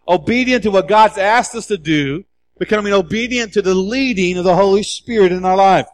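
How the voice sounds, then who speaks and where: Male pastor, high voice, lively sermon delivery with emphatic repeats. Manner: animated preaching, acts out scripture dialogue with emphatic repeats.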